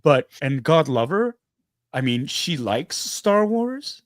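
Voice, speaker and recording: A man's voice: fairly high pitch, slow, dry recording, clean studio sound. A middle-aged man, a guest actor, telling stories in a casual stream chat and acting out the quotes. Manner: animated storyteller, acts out quotes.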